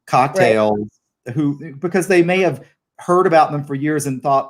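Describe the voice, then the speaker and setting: A middle-aged man hosting a casual video call interview, chatty and relaxed with plenty of fillers. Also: on the high side, moderate pace. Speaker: host.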